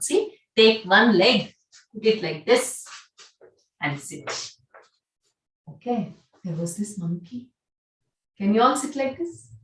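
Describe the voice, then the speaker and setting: Lively woman telling a yoga story to kids. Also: medium pitch. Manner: energetic, animated, directing the kids. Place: large echoey room. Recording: very echoey room, far from mic.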